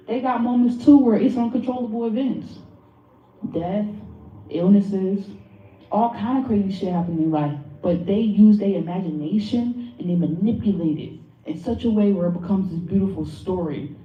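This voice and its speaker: A woman's voice: medium pitch, normal speed. Playful, profane woman leading a workshop. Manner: playful, profane and animated, acts out quotes. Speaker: workshop leader and tarot reader. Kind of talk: motivational workshop talk. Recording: muffled, echoey, far from the mic.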